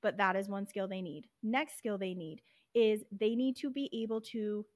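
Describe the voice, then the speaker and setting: A woman's voice: mid-range voice, normal speed, no room sound. A woman hosting a podcast and teaching reading, explaining step by step and modelling letter sounds. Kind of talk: instructional explanation.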